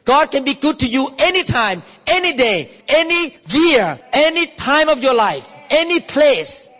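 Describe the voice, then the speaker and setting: A man with a very high, animated voice delivers a sermon, swinging widely in pitch and bursting into exclamations and laughter. He speaks slowly and deliberately. The recording is dull and lo-fi, with long reverb from a church hall. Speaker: pastor.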